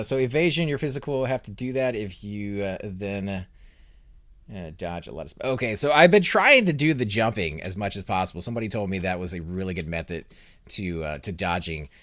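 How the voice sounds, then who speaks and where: A young man hosting a let's play, commentating his fights and chatting with viewers, growing loud and excited during combat. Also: lowish voice, no room sound. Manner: excitable, reacts loudly to in-game fights, talks to chat. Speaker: gaming channel host.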